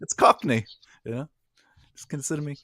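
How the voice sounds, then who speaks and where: A man's voice: on the high side, normal speed, sharp tone, no echo, studio quality. A man joining a casual video call as a guest writer, joking and self-deprecating.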